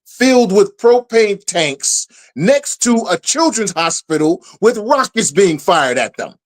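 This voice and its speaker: High-voiced ranting man. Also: expressive, slow. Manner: ranting, exasperated, swears then apologizes. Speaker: podcast co-host. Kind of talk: heated sports debate.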